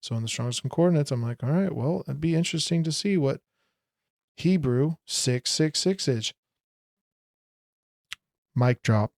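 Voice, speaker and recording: A man giving a casual commentary vlog, talking in an emphatic, rambling way that rises into loud bursts. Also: a little high, animated, a little slow, gravelly, pauses often, no echo, clean studio sound. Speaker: video commentator.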